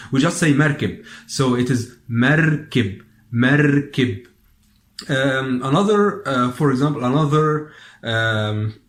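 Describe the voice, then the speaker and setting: A man with an Egyptian accent teaching Arabic pronunciation. He speaks slowly and repeats each word several times so learners can follow. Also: mid-range voice, roomy sound. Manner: slow, repeats words many times for learners. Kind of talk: pronunciation lesson.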